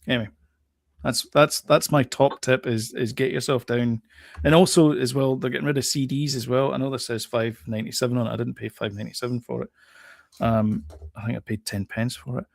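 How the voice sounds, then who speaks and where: A man's voice: medium pitch, fairly even intonation, a little fast, gravelly, no echo. A British man co-hosting a casual chat show, laid-back and chatty, often repeating his phrases. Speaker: show co-host.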